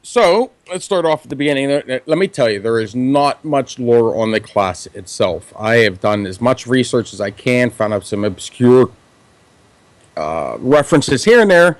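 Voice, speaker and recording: A man co-hosting a podcast, reading game lore in a low, measured voice with casual asides. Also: expressive, dry recording. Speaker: podcast co-host.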